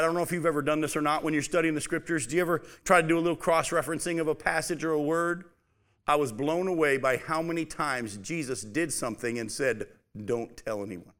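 A man preaching a casual, animated sermon, reading scripture aloud and talking it through with his listeners. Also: fairly high pitch, quick pace. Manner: animated, conversational, reads scripture aloud with emphasis. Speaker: pastor.

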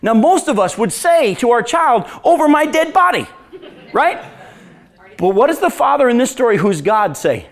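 High-voiced animated male preacher. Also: moderate pace. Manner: animated, storytelling, laughs at own jokes. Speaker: pastor. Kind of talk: sermon with audience questions.

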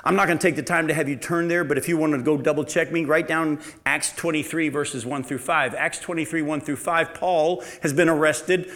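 A man preaching a sermon with a slightly higher voice than most men. He reads scripture aloud and explains it, turning to ask his listeners questions. His delivery is animated, with loud emphasis giving way to quiet asides. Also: a little fast, few pauses.

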